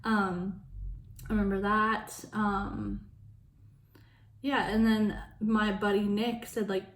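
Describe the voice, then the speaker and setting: A young woman telling a personal story in a casual vlog, frank and full of swearing, laughing between lines and acting out quoted voices in sudden loud high bursts. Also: level tone, takes it slowly, reverberant, slight background noise. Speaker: vlogger.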